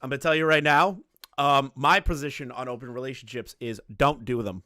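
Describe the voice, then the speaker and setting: A man streaming a reaction to a clip, mocking it with loud, profane, incredulous outbursts. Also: a little high, expressive, normal speed. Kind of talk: reaction commentary.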